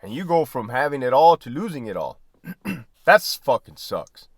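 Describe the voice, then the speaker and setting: A man's voice: medium pitch, sing-song, moderate pace, no echo, clean studio sound. A man who was a prison lieutenant, talking bluntly and profanely to viewers, often tagging "right?" and "man". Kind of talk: candid casual monologue.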